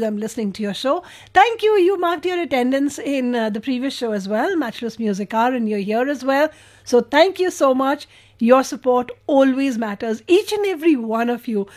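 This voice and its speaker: High-voiced woman radio host. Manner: warm, gushing, chatty with fillers. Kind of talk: reading listener messages on air.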